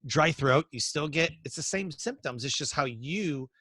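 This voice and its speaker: Energetic male speaking coach, bright forceful tone, close dry sound, casual interview. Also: on the high side, moderate pace, breathy edge, no echo. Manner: energetic, storytelling, acts out quoted dialogue.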